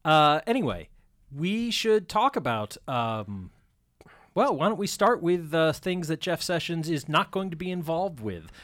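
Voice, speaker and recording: Brief: male talk-radio host, lively up-and-down pitch, dry studio sound, loose and jokey. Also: unhurried, no room sound. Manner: chatty, laughing, self-deprecating asides. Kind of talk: casual panel talk radio.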